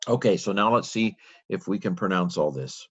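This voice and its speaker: A man teaching, reading a text aloud letter by letter and thinking aloud in a slow, halting way. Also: deep voice, expressive, breathy edge, highs cut off.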